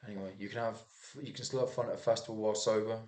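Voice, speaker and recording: Young guy, lowish voice, meandering swear-heavy news commentary, frequent restarts. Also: steady tone, very fast, darkish tone. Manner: restarts a lot, swears, muses aloud. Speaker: vlogger reviewing news. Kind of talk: casual rambling commentary.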